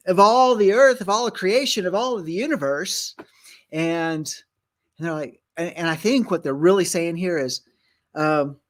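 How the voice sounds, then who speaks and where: A man hosting a Bible teaching show, thinking aloud with many fillers and restarts and reading scripture aloud. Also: high voice. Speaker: ministry host and Bible teacher. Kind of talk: conversational Bible teaching on a broadcast.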